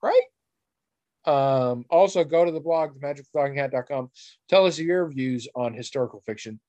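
A man hosting a casual podcast chat, his voice sitting at an ordinary middle pitch. He teases and mocks with a sardonic edge and drops the odd curse. The recording is dry, with no room sound. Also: moderate pace, mellow, no room sound. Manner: sardonic, teasing, swears casually. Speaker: podcast co-host.

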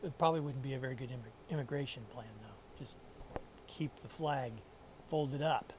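A man's voice: mid-range voice, moderate pace, darkish tone, slight background noise, poor audio. A man in casual conversation who laughs often and gives short dry replies. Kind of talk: casual chat.

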